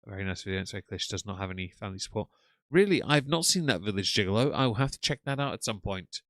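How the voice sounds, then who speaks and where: A man's voice: lowish voice, expressive, rapid-fire, fairly bright tone, no echo, studio quality. A man chatting casually on a live stream, reacting to clips and reading out chat names with frequent ums.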